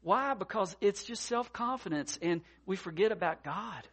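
A man preaching with a slightly raised, lively pitch. He talks in a folksy way with plenty of fillers and repeats. His sermon swings between quiet asides and loud bursts. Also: moderate pace. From mountain region. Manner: expressive, swings from soft to loud, acts out worried voices. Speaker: pastor.

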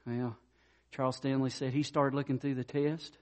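Speaking at a moderate pace, a pastor with a medium-pitched, level, darkish voice gives a direct, conversational sermon, illustrating his points with stories and speaking right to the congregation.

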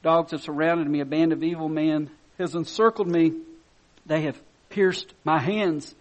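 Man preaching, slow delivery, slightly high voice, soft readings, sudden loud emphasis, chuckles. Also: muffled recording. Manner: slow, reads scripture quietly then rises to loud excited emphasis; chuckles between points. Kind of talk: sermon.

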